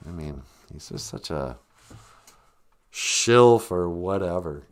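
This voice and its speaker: A man's voice: low voice, expressive, slow pace. A man hosting a live-stream comedy podcast, rambling sarcastically with lots of fillers. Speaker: podcast host.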